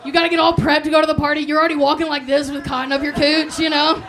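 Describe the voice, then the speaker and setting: Woman comic, 30, brash and animated, high voice, live club with crowd and noise. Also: rapid-fire. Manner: brash, animated, swears freely, acts out quotes. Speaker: stand-up comedian. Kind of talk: stand-up comedy set. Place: comedy club stage. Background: audience laughing.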